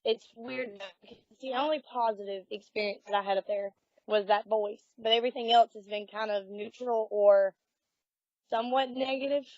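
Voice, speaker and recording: A woman with a Southern US accent, a paranormal investigator telling her experiences casually in an interview, animated and acting out quotes. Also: on the high side, normal speed, no echo. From Alabama. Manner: animated storyteller, acts out quotes. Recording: dull lo-fi audio.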